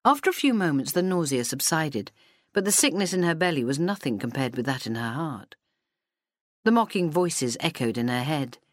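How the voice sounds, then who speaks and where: A woman reading an audiobook novel aloud in a steady, measured way into a close mic. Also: low-pitched, no echo. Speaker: audiobook narrator. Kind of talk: scripted narration. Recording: dry studio sound.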